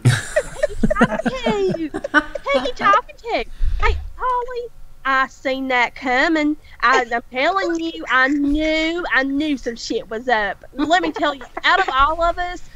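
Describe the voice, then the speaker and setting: Give me a blunt Southern woman, high and slow, over dull call audio. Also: sharp tone, slight background noise. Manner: blunt, salty, slow storyteller. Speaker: psychic medium guest. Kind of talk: casual group chat.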